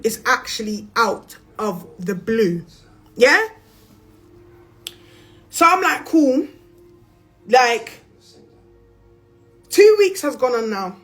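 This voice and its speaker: A young woman with a London accent telling a story on a livestream in a blunt, profane, slangy way. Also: fairly high pitch. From England. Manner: blunt and profane, slangy, animated with bursts of laughter. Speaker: influencer on a livestream.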